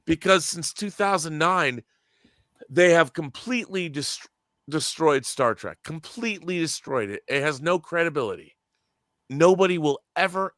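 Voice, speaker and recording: A man's voice: on the high side, animated, moderate pace, a bit bright, no echo, studio quality. A man in casual podcast chat, emphatic and opinionated, swearing freely and restarting his sentences as he rants. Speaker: podcast co-host.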